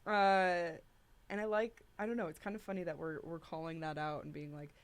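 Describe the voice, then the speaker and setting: A woman's voice: on the low side, little pitch movement, normal speed. A young woman co-hosting a casual discussion podcast, chatty and upbeat, with frequent "like". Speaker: co-host.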